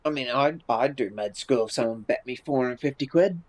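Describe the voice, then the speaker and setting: A laid-back man chats on a live stream and answers viewer messages as they come in. His voice sits at an ordinary middle pitch. He swears casually and often stops and restarts his sentences. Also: moderate pace, rough recording.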